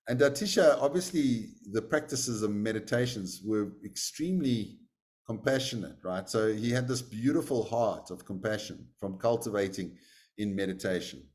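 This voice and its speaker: Low-voiced male meditation teacher. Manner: conversational, many fillers. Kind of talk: storytelling in a lesson.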